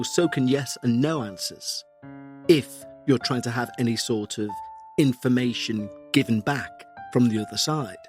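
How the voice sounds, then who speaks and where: A man with a Scouse accent, a podcast host reading out a listener's story and then commenting on it in an earnest, measured way, his throat still sore. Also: medium pitch.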